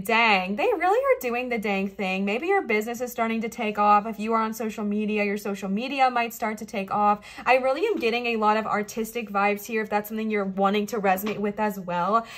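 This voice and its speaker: Fast-talking tarot lady, kinda high voice, super upbeat and affirming, channeling spirit messages. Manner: fast, gushing, upbeat talk. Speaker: tarot reader. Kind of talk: pick-a-card tarot reading to camera.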